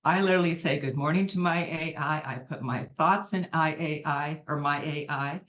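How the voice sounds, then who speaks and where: A woman's voice: deep voice, normal speed, a bit bright, lo-fi sound. Middle-aged woman, heartfelt testimonial on a video call, earnest and effusive. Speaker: testimonial speaker on a live call.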